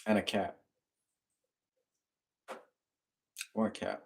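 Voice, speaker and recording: A man's voice: fairly low pitch, flat delivery, slow pace, creaky, darkish tone. A man co-hosting a casual live stream from a home bar, reading out viewer comments and laughing often. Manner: upbeat, laughs often, talks to his dogs.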